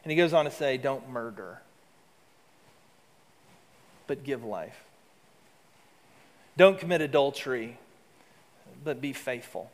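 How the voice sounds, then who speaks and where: A man preaching a sermon as pastor, rising to emphatic lines and dropping to soft, low asides. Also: animated, slow, pauses often, in a large hall.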